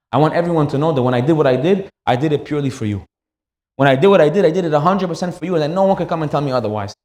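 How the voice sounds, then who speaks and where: A man giving a sermon as a rabbi, telling a story in an animated way and acting out the characters. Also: fairly high pitch, echoey room.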